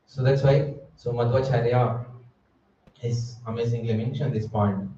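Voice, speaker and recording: A man's voice: mid-range voice, steady tone, unhurried, dark tone, a little hiss or hum. A man giving a Sunday sermon at a temple, asking his listeners rhetorical questions. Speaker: preacher. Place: temple hall. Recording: echoey hall, distant mic, dull sound.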